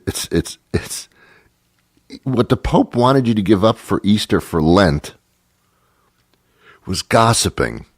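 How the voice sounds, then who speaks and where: Sarcastic ranting talk-show host, deep voice. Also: male voice, no echo, studio quality. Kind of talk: comic monologue.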